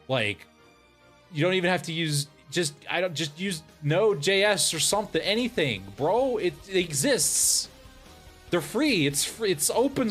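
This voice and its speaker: A man's voice: a little high, a bit bright. A man streaming as a VTuber, ranting in casual, profane exasperation and breaking into laughter. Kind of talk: casual livestream rant.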